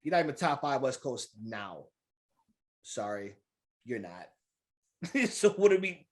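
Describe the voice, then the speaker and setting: A man co-hosting a podcast in casual chat, an animated storyteller who laughs and acts out the people he quotes, with speech. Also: mid-range voice, a little slow. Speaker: podcast co-host.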